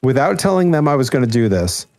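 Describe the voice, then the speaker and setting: A young man chatting casually on a gaming stream, telling a rambling anecdote with animated quoted voices. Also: medium pitch, fast, no room sound. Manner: rambling storyteller, animated quoting. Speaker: streamer co-host.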